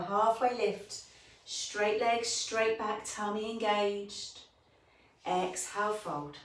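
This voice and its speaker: A woman teaching a bedtime yoga class, calmly cueing each breath and movement. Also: medium pitch. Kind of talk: guided yoga instruction. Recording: echoey room, voice from a distance.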